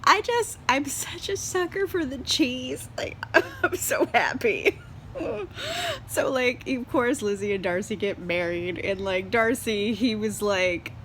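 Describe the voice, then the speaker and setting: A woman's voice: medium pitch, measured pace, fairly bright tone, slight background noise. A tipsy young woman reviewing a book in a casual vlog, bubbly and laughing often, swearing freely and saying "like" a lot. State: tipsy from wine. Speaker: book vlogger.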